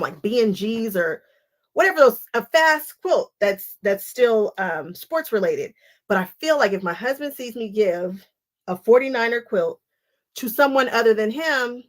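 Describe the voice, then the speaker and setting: A woman talks through a relaxed crafting live stream in a mid-pitched voice. She chats in a loose, rambling way and breaks into laughter often. She is cutting fabric at home as she talks. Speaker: quilting channel host. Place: home sewing space.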